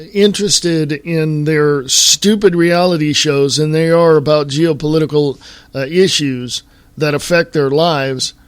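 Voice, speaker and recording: A podcast host speaks in a slightly raised voice, ranting with exasperation. He drags his words out slowly and deliberately, with sighs between them. The recording is dry and close, with no room sound. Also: on the high side, dry recording. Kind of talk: opinionated solo podcast commentary.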